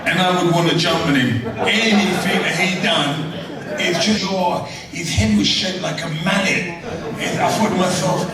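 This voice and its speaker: A man's voice: high voice, measured pace, a crowd in the background. A middle-aged man, a retired boxer, laughing as he tells stories in a casual conversation. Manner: laughing, animated storyteller. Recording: echoey room, distant mic, background noise.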